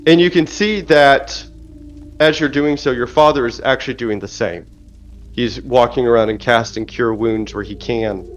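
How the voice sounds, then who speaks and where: A man narrating a tabletop game as game master, speaking in a measured, descriptive way. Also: medium pitch. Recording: dull lo-fi audio with faint music.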